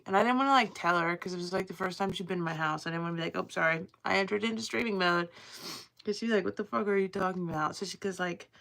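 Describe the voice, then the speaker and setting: A woman's voice: medium pitch, gravelly, fairly bright tone. A woman live streaming from home while crafting, rambling casually and swearing freely as she chats to her viewers. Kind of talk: casual livestream chat to viewers.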